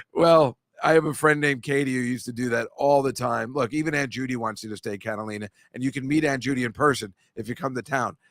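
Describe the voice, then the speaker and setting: A man hosting a podcast in casual chat, telling rambling stories and teasing listeners, with jumpy bursts of loudness. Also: medium pitch, a little fast, no room sound, studio quality. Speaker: podcast host.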